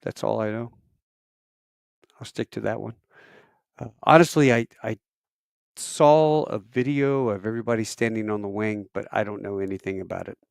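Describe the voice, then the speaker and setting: A man's voice: fairly low pitch, steady tone, moderate pace, gravelly, long pauses, smooth, no echo, studio quality. A man who works airline crew, talking casually on a live stream and rambling with fillers as he tells stories. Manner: rambling storyteller with fillers and restarts. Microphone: camera mic on a live stream.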